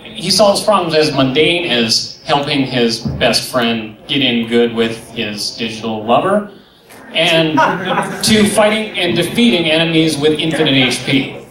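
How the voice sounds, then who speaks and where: A man's voice: fairly high pitch, lively intonation, measured pace. Man, contestant, earnest, explanatory, distant, crowd behind. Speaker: panel contestant. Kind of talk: explaining fan pick. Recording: echoey hall, distant mic, crowd.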